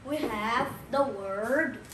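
This slightly high-pitched woman has a fairly bright tone as she explains things to young children at a very slow pace. She repeats key words again and again and keeps checking in with questions. There's an echo in the room and a faint hum of ambience.

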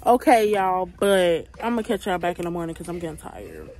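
A woman's voice: fairly low pitch, sing-song, brisk, darkish tone, rough recording. A young woman chatting casually to her phone camera on a porch at night, slangy and laid-back. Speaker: vlogger.

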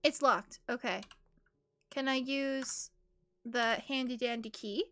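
Speaking at a slow pace, a young woman with a bright, high-pitched voice comments casually on a game she is live streaming. She's excitable and rambling, with squealy giggles scattered throughout and an upbeat, crisp tone.

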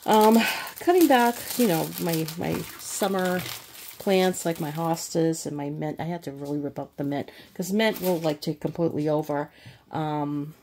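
Lowish-voiced woman, kinda tired, rambling through an unboxing, faint hiss and crinkly packaging behind. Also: normal speed, darkish tone. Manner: chatty, rambling, thinks aloud with restarts. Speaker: crafting channel host. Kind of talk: casual unboxing chat.

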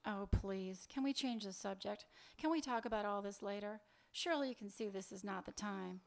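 A man's voice: high voice, normal speed. A man reading fiction aloud, voicing a weary, sarcastic woman who keeps brushing off her lover in a dry, teasing way. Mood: wry.

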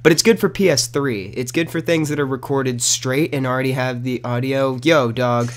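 A man giving casual, rambling gameplay commentary at home into a new desk microphone, breaking into loud outbursts at the game. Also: medium pitch, fairly even intonation, moderate pace. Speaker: gaming commentator. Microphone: new desk condenser microphone.

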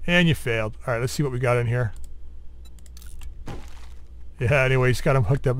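A man with a voice of ordinary middle pitch talks through his gameplay in a loose, rambling way. He mumbles to himself while doing two things at once and throws teasing remarks at the zombies. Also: steady tone, a little fast, long pauses. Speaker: gaming channel host. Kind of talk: casual let's-play commentary.

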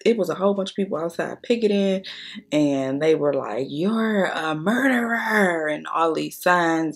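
Deep-voiced young woman doing a makeup storytime, blunt and cussing, talks to y'all. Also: darkish tone. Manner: blunt, profane, chatty, addresses viewers as y'all. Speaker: beauty vlogger.

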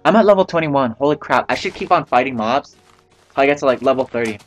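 A man's voice: mid-range voice, expressive, fast talker, faint music behind. Rambling profane man narrating gameplay. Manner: rambling, profane, talks to himself. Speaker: gameplay commentator. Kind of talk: casual let's-play commentary.

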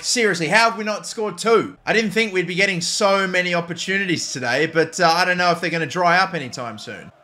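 A young man commentating his own football video game match, joking casually and bursting into shouts at goals. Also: high-pitched. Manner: excitable, jokey, jumps to shouts at goals. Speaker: gaming YouTuber.

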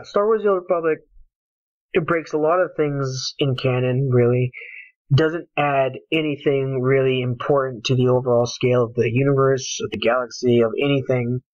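A man with a mid-range voice goes on an angry, passionate rant about a game, swearing as he talks. It's a heated solo rant captured as a dull, lo-fi home recording with no room sound.

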